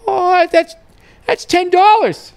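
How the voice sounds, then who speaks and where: A man voicing a naive teenage boy in a high, goofy, excited voice. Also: slow pace, creaky, heavily acted. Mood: giddy.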